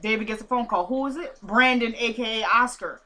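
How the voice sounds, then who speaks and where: Woman host, casual episode recap, bright tone, animated and exclamatory, acts out the characters. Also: a little high, fairly quick. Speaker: TV show recapper.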